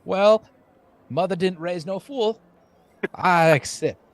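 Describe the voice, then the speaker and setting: A man's voice: high voice, takes it slowly, no room sound, pitched above the performer's own voice. A man voicing an eager male florist made ship captain, in a folksy drawl mixed with Cockney words. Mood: folksy grateful.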